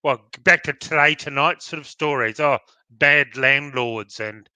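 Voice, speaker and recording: A man's voice: mid-range voice, a little slow, sharp tone, clear, resonant tone, dry recording. An Australian man co-hosting a podcast, chatting bluntly and with strong opinions. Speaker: podcast co-host. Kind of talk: casual chat.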